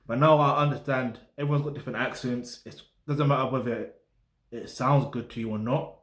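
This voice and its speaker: South London man, casual music-review host, slangy and rambling, mid-pitched voice in an echoey flat. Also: brisk. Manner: rambling, full of slang tags like "get me" and "yeah". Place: flat in a residential block.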